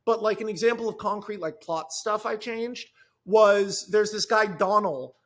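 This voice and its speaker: A man with a notably high speaking voice talks as a guest on a podcast. He recounts his own script in an eager rush, tripping over restarts and circling back mid-sentence. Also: a bit bright. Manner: fast, enthusiastic storytelling with many restarts. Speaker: screenwriter guest. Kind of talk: podcast conversation.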